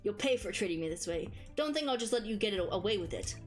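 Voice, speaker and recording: A woman's voice: mid-range voice, expressive, fast talker, soft background music, lightly acted. A woman voicing a haughty, snobbish rich woman who is a food critic, speaking imperiously. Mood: indignant. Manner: imperious, demanding.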